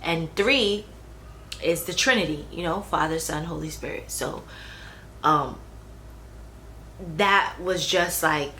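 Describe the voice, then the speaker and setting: Woman, young adult, casual storytelling vlog, rather low pitch, faint background hiss. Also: slow pace, pauses often, sharp tone, rough recording. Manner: chatty, with fillers and restarts. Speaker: vlogger.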